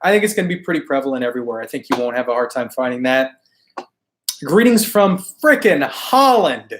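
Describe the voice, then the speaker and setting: Hoarse man chatting on a live stream. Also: mid-range voice, very animated, brisk. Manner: laid-back, chatty, slangy, often laughing. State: hoarse, losing his voice. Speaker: toy collecting live stream host. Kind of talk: casual live stream chat reading viewer comments.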